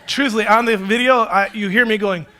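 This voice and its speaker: A man in his forties preaching a sermon in a lively storytelling way, acting out quotes with a self-deprecating humor. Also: sits high, a little fast, heavy background noise. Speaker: pastor. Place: church stage.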